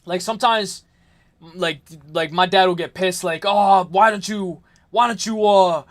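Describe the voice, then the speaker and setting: A man's voice: sits high, steady tone, measured pace. A young man from the New York area hosting a late-night livestream. He rambles casually, answers chat messages and laughs often. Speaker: livestream host.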